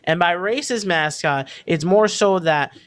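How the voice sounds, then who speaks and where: A man's voice: high voice, measured pace, fairly bright tone, dry recording, studio quality. A man in his twenties co-hosting a podcast in casual chat, rambling loosely, swearing freely and laughing often. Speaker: podcast co-host.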